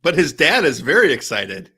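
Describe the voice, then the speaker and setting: A man co-hosting a political stream from Connecticut, joking and stammering through quick restarts, laughing often. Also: fairly high pitch, sing-song, bright, forceful tone, husky. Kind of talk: casual political chat.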